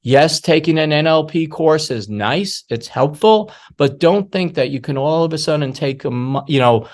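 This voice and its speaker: A man's voice: fairly high pitch, lively intonation, normal speed, a little mellow. Man giving an anecdotal security lecture. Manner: anecdotal, emphatic, many asides. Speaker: security awareness speaker. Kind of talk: masterclass storytelling lecture.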